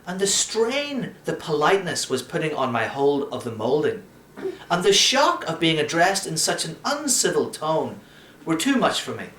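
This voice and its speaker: Brief: male reader, wry first-person story, pitch leaping all over, roomy echo. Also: big pitch swings, normal speed, a bit bright, slight background noise. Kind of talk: storytelling narration.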